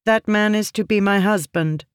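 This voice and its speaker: A reader voicing a stern, cold noblewoman of high birth who speaks flatly and commandingly in an audiobook. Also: normal speed, clean tone, dry recording, clean studio sound, close to an everyday voice. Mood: sharp. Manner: flat, clipped, commanding.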